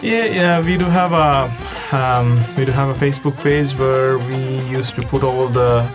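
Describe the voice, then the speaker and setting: A man who runs a restaurant, speaking as a guest in a casual interview, pausing often with fillers. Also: medium pitch, music in the background. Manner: hesitant, full of fillers.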